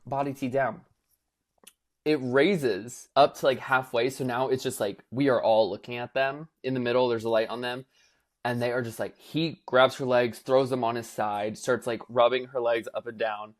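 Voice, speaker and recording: A young man co-hosting a podcast, chatting casually and telling an animated story, acting out quotes with lots of filler words. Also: mid-range voice, moderate pace. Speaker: podcast co-host. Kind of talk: casual chat.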